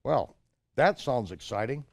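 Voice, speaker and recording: An older man telling a personal story in an animated way, acting out the shouted exchanges in a higher voice. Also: measured pace, vocal fry, no room sound. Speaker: storyteller recounting his own travels. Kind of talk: anecdotal storytelling.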